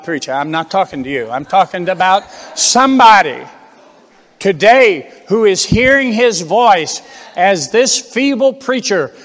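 A man with a notably high voice delivers an impassioned sermon from the pulpit. He presses listeners with rhetorical questions and repeats phrases for emphasis. His words trail into the long reverb of a large church hall. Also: fairly bright tone. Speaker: preacher.

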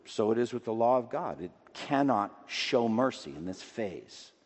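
A man's voice: animated, a little slow. Man preaching in a reverberant hall. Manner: emphatic, rising to loud declamation and dropping low. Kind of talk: sermon. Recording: long reverb of a large hall.

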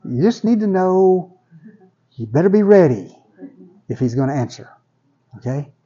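A man's voice: a little high, very animated, a little slow, mellow, breathy edge, lo-fi sound. A man preaching a sermon in a conversational way, often repeating words as he builds toward a point. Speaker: pastor.

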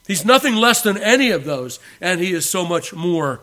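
Man, pastor, sermon, slightly high voice, emphatic, loud and hushed by turns. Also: animated, moderate pace, hardly any pauses.

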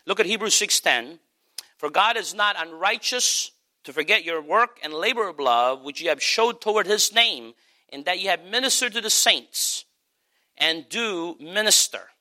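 A middle-aged man delivers a sermon as pastor. His voice is bright and forceful and sits a little high. He hammers points home by repeating them. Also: expressive, normal speed. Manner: preaching with emphatic repetition.

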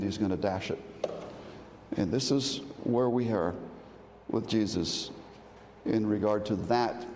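A man preaching in a church, his mellow, relaxed voice carried by a long hall reverb over a faint background hum. He often restarts his phrases, then builds up to emphatic, ringing declarations. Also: medium pitch. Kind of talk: expository sermon.

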